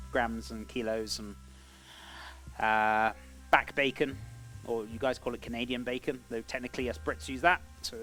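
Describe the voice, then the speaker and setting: A British man with a medium-pitched, bright, forceful voice chats casually on a cooking live stream. He rambles between cooking tips and greets viewers as "buddy."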